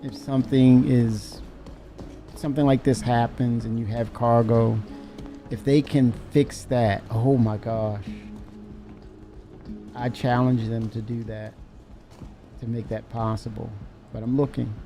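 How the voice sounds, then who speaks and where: Male game streamer, dark mellow tone, wry, mock-angry running commentary. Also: medium pitch, little pitch movement, unhurried, soft background music. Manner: wry, mock-angry grumbling with self-mocking laughs. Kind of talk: live gameplay commentary.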